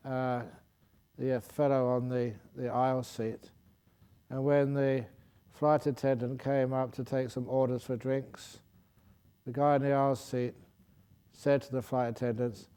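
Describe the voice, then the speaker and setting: A man's voice: medium pitch, mellow, clear, resonant tone. A man, a Buddhist monk, telling a joke during a talk in a playful way, laughing at his own story and stopping to fix it. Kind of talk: humorous dharma talk with a joke.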